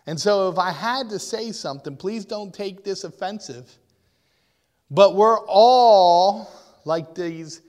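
Man, preacher, slow deliberate sermon, impassioned, echoing church hall. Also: on the high side. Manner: impassioned, voice rising to cries in acted quotes; talks directly to the congregation. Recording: long reverb of a large hall.

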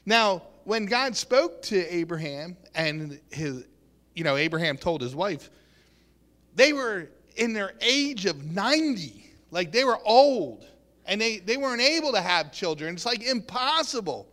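A man's voice: high voice, big pitch swings, unhurried, fairly bright tone. A man preaching an earnest sermon, repeating and restarting words and acting out quotes, recorded in a reverberant hall.

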